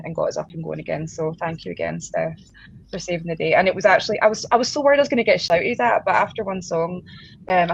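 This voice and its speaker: A woman's voice: fairly low pitch, vocal fry. A woman drummer and singer, a guest in a casual interview, talking in a chatty, self-deprecating way and laughing often. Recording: slightly dull lo-fi audio with faint noise.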